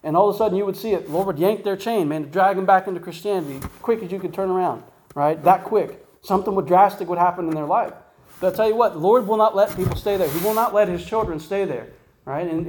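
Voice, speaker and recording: A man's voice: sits high, a little mellow, low-quality recording. Chatty man preaching with rhetorical questions. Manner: conversational, asks rhetorical questions, says "right?" and "guess what?" often. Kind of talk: informal Bible teaching.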